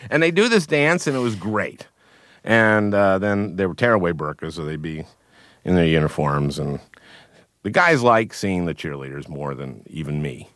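A man, a guest comedian, telling anecdotes in a radio interview, with halting restarts and chuckles. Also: deep voice, lively intonation, a bit bright, no room sound.

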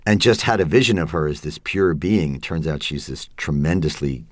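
A man guest in an interview, retelling a story in a rambling, animated way. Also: rumbling low, a little fast, no room sound. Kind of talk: casual interview.

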